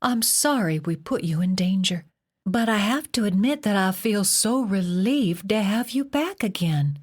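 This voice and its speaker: A woman doing a soft tearful mother. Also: medium pitch, lively intonation, unhurried, husky, pitched above the performer's own voice. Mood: soothing. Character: gentle worried mother, middle-aged woman.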